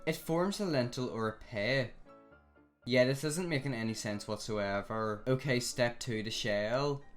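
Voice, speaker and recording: A man's voice: medium pitch, a little slow. Young male reaction host, just woken up, rambling, flustered, faint music behind. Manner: rambling, flustered, filler-heavy. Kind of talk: casual reaction commentary.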